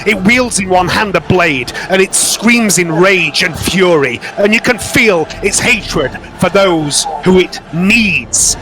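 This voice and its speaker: A man's voice: high voice, expressive, music in the background, poor audio. Man narrating with grand drama. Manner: slow, dramatic descriptive narration. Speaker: game master. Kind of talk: narrating a tabletop game.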